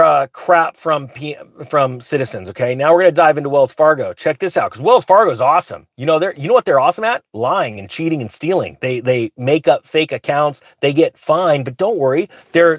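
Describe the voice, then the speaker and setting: A man's voice: fairly high pitch, no room sound. Sarcastic ranting man in his truck. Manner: sarcastic, grumpy, mocking. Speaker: finance vlogger reading news. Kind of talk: ranting commentary.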